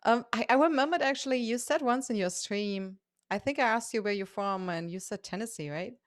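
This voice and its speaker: A woman hosting a podcast interview, talking softly and hesitantly. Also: on the high side, fairly quick, no room sound, clean studio sound. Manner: soft-spoken, hesitant, many fillers and restarts. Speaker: podcast host. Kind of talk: casual interview.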